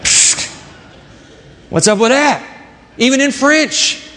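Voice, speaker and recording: A male pastor preaching a dramatic sermon, dropping into hushed low asides between bursts of emphasis. His voice sits high and swoops widely in pitch. A long hall reverb trails each phrase. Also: animated, slow.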